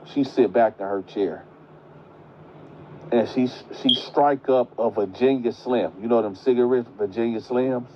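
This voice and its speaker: A man in spins a story for his viewers at an unhurried pace, animated and chatty. His voice sits in a middle pitch. The recording is dull and muffled, with faint background noise. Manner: animated, conversational, addresses viewers as y'all. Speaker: storyteller vlogger. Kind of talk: casual storytelling.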